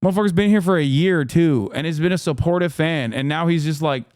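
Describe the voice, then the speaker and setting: A man's voice: a little high, fairly quick, hardly any pauses, darkish tone, smooth, dry recording, studio quality. A man hosting a livestream, reading chat aloud and ranting in a heated, profane, exasperated way. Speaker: livestream host.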